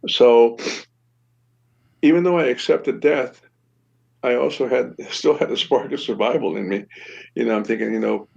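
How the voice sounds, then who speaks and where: An older man recounts a story in a casual, halting way, stopping often to restart his sentences. His voice is gravelly and mid-pitched. The recording sounds slightly dull and lo-fi. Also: a little mellow. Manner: halting, many fillers and restarts, laughs wryly. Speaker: podcast guest recounting a shootout.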